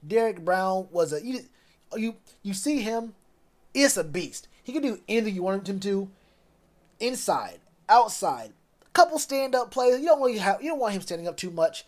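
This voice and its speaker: A man's voice: high voice, darkish tone. A man chatting loosely on a live stream about football, rambling with plenty of fillers. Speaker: sports streamer. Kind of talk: casual live stream chat.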